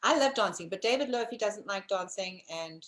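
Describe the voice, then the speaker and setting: A woman's voice: medium pitch, animated, a little fast, a bit bright. A woman from South Africa co-hosting a casual live-streamed talk show, chatty and teasing. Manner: chatty, teasing, addresses viewers.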